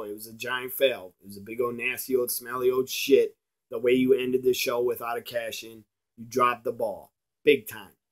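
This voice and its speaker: A man ranting in a blunt, profane video review, slowing down to stress his points. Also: medium pitch, pushed and bright. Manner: emphatic, slows down to stress points.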